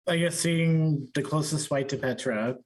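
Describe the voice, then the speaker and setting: A man playing a tabletop game, hesitant, pausing as he works out his attack. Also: a little high. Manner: hesitant, counting dice aloud. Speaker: player.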